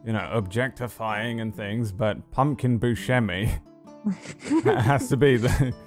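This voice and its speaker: A man's voice: mid-range voice, big pitch swings, takes it slowly, a little mellow, soft background music. A man hosting a live stream as dungeon master, chatting casually in a teasing, rambling way.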